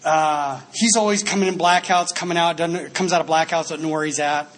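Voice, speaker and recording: A man from Dallas, Texas, giving an animated, laughing recovery talk at a convention. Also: a little high, a little fast, a little hiss or hum. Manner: animated storytelling, laughs often. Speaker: AA speaker.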